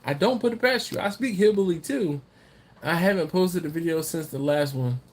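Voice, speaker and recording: Slightly tipsy from drinking, a man hosts a casual livestream in a voice on the high side, at normal speed. He reads viewer comments aloud while rambling, teasing and laughing a lot, with faint background noise behind him.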